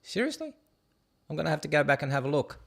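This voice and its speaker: A man's voice: a little high, level tone, rapid-fire, vocal fry. A man hosting a casual show, rambling and joking as he stumbles over hard place names. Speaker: show host. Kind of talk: casual rambling video commentary.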